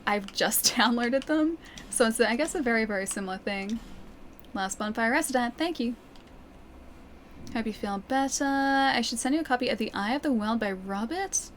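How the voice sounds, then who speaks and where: A woman's voice: on the high side, animated, moderate pace, a little hiss or hum. An Australian woman streaming a game from her living room, chatting and laughing often as she answers viewer comments. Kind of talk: live gameplay stream, chatting with chat.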